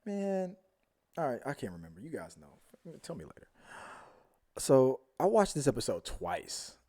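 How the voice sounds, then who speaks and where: Male host, casual live review, lively up-and-down delivery, rambles and mumbles. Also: medium pitch, measured pace. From Houston, Texas area. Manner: rambling, animated, trails off to mumbles. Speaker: show host.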